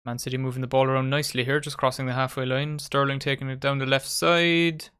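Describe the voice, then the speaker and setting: A man hosts a live match watchalong at a medium pitch. He calls the play in a casual, chatty way and banters with his mates and viewers as the game unfolds. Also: level tone, fast, a bit bright, clean tone. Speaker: watchalong host.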